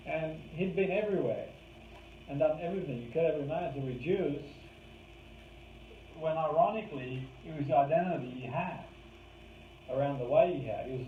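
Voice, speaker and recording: A man teaching a live course in a conversational way, leaning on key words to make his points. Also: fairly high pitch. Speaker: course trainer. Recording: roomy, distant, phone-like lo-fi with faint hiss.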